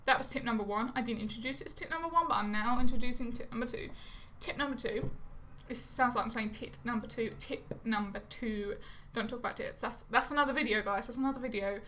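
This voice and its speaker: A young Englishwoman talking straight into a camera held close, in a bright, forward voice pitched a little high. She rambles, goes off on tangents, mocks herself and swears casually. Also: racing, few pauses, a little hiss or hum. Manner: chatty, rambling, swears casually, self-mocking. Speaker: vlogger. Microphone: phone or camera close to her face.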